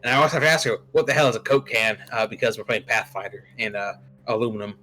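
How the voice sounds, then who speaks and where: A man's voice: fairly low pitch, steady tone, fast talker, bright, forceful tone, rough recording. An American man running a tabletop game as game master, talking casually with lots of fillers and laughter. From United States. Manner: rambling, laughs often, many fillers.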